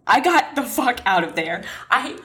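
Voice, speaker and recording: Young female podcast host, animated storyteller, slightly high pitch, dramatic and profane. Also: a little slow.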